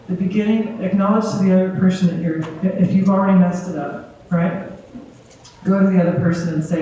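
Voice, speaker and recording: Heard from far off in a big, echoey community hall, a woman speaks casually to the crowd as a guest, often asking "right?". Her voice is lowish and mellow, the dull, distant recording carrying a little hiss or hum.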